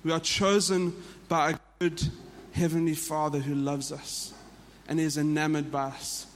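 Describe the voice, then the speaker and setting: A pastor with a South African accent preaches earnestly to his church in a fairly high, flat voice at a measured pace. He often repeats and restarts phrases, and a long reverb tail trails his words.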